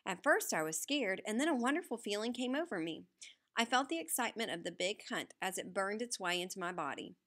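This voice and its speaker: A woman narrating a novel aloud in the first person with a steady storytelling read. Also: mid-range voice, brisk. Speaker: audiobook narrator.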